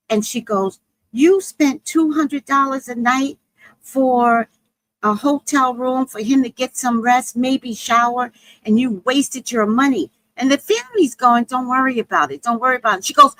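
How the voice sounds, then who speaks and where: Lively woman telling a story, slow and dry. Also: on the high side, no echo, rough recording. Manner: animated, acts out quotes, swears freely. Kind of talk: comedic storytelling monologue.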